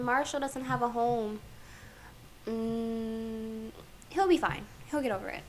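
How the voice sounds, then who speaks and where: A woman's voice: on the high side, unhurried, slight background noise. A woman streaming a life-sim game, chatting casually and playfully while she plays and talks to the characters.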